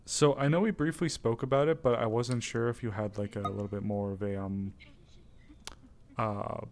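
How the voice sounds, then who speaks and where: A streamer playing a roleplay character, rambling through fillers, then gently coaxing a frightened animal. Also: mid-range voice, steady tone, moderate pace. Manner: rambling, with many fillers and restarts. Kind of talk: casual in-character roleplay chat.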